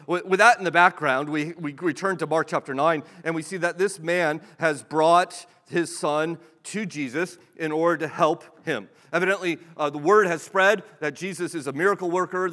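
Male pastor, slightly higher voice, chatty sermon with rhetorical asides, long hall reverb. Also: a bit bright. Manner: conversational, asks the listeners rhetorical questions; often repeats words as he restarts.

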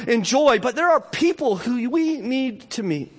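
High-voiced man preaching in a reverberant church. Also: lively intonation, unhurried, hardly any pauses, husky. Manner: earnest, conversational preaching with frequent "right?" asides. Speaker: pastor. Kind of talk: sermon. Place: church sanctuary. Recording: long hall reverb.

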